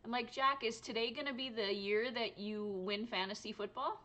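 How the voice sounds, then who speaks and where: Worn-out crochet lady vlogging at home, rambly, laughs a lot, bright voice. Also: fairly high pitch, normal speed. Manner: tired, rambling, laughs often. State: exhausted. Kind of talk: casual chat to camera. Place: home room.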